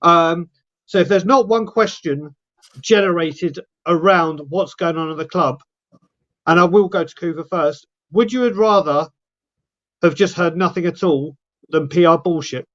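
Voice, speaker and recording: A man's voice: on the high side, a little slow, fairly bright tone. A man hosting a casual chat, putting questions to his panel. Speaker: host. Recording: slightly dull lo-fi sound.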